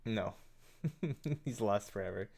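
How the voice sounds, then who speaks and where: A man narrating a tabletop game as game master, halting with frequent fillers and restarts. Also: fairly low pitch, gravelly, a crowd in the background. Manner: hesitant, many fillers and restarts.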